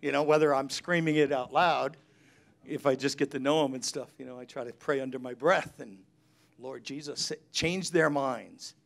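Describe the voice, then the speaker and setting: Gravelly middle-aged preacher guy, chatty stories with voices. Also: mid-range voice, fairly even intonation, moderate pace. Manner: chatty storytelling, acts out quotes. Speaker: pastor. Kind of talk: sermon.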